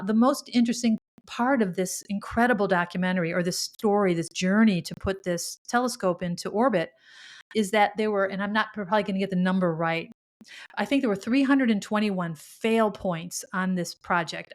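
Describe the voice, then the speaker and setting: Middle-aged woman, spiritual podcast host, earnest and heartfelt, mid-pitched voice. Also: fairly quick. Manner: earnest and emotional, with frequent restarts. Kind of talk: spiritual monologue.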